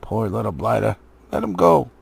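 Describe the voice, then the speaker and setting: A man reading a storybook and voicing an overfed, beery male troll who is blunt and grumbling but soft-hearted. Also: lowish voice, big pitch swings, normal speed, creaky, breathy edge, heavily acted. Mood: pitying.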